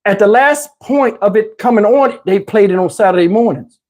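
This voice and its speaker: A man casually telling a personal story, animated and slangy, often breaking into laughter, on a lapel mic. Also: high voice, moderate pace. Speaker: channel host telling a story. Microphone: wireless lapel mic.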